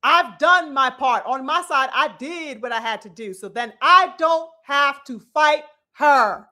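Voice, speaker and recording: A woman's voice: sits high, animated, a little slow, sharp tone. A woman hosting a boxing commentary vlog, ranting in a preachy, mocking way, full of blunt, profane rhetorical questions and calls to her brothers and sisters. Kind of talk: opinionated commentary rant.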